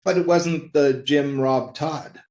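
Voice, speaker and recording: A man who works in comics, telling anecdotes in a podcast interview, acting out the quoted lines in lively voices. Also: fairly high pitch, slow. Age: older. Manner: animated anecdotal storytelling, acts out quoted dialogue. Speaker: interview guest, comic creator.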